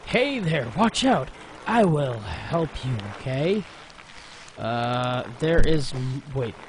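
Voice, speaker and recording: Male gaming commentator, lively swinging pitch, slow unhurried delivery, noisy home recording. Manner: frustrated, exclaiming and muttering at the game. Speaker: gaming YouTuber. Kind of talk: let's play commentary.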